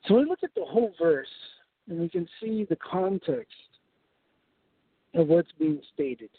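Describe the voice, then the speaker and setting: Lively high-voiced preacher, tinny sound. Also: male voice, unhurried, creaky, husky, no echo. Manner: explains step by step, often checking in with "right?". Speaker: preacher leading a Bible study. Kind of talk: sermon-style Bible teaching. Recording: tinny phone-like sound, dry.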